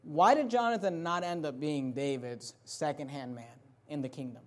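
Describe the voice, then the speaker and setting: High-pitched man preaching emphatically. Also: moderate pace. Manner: emphatic preaching, repeating phrases and building to loud passages. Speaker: pastor. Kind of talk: sermon.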